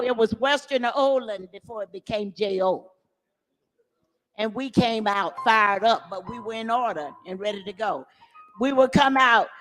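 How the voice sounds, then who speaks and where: An older man leading a young crowd in call-and-response, alternating loud chants with hushed instructions. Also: extremely high pitch. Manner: commanding, shouts chants then hushes the crowd. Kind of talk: call-and-response rally speech. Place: large church hall. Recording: echoey church hall with crowd.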